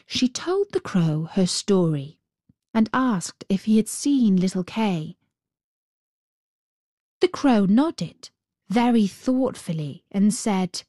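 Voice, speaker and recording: A woman reading a fairy tale aloud as a storyteller, in a gentle, expressive way. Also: mid-range voice, takes it slowly, dry recording, studio quality.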